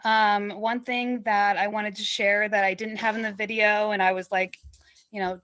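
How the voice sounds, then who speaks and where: A woman's voice: mid-range voice, level tone, normal speed, fairly bright tone, no echo. A woman speaking at an online memorial, sharing a memory hesitantly with many fillers. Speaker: family member at a memorial. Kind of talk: casual remembrance. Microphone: video call.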